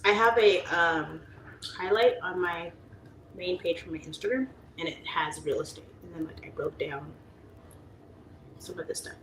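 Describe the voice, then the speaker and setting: Chatty 30s woman on a livestream, lowish voice, echoey room, bit of hum behind. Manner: chatty, laughs often, mimics voices when quoting. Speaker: livestream host reading chat. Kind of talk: casual chat.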